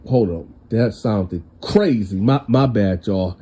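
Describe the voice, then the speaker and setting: Brief: male storyteller, deep mellow tone, tongue-tied stammers, slangy storytime delivery. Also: slow, few pauses, breathy edge. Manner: slangy, addresses viewers as y'all. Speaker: prison storyteller. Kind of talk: casual storytime narration.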